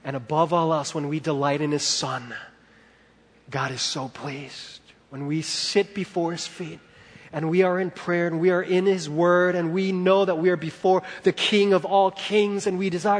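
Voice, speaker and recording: A man preaching a sermon as a pastor, telling stories with animation and moving between loud and hushed delivery. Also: fairly high pitch, level tone, moderate pace, big-room sound.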